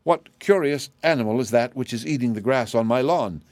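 A man's voice: mid-range voice, normal speed, darkish tone, dry recording, clean studio sound, close to an everyday voice. A man reading as a matter-of-fact invisible man. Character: invisible man, guarded then friendly. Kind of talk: audiobook character reading.

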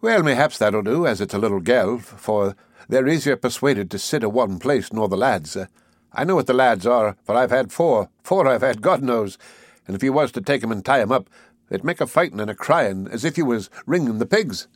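A man's voice: medium pitch, expressive, moderate pace, no room sound, clean studio sound, close to an everyday voice. A man reading an audiobook, voicing a kindly, talkative middle-aged village housewife in a homely, earnest way. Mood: chatty. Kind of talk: audiobook character voice.

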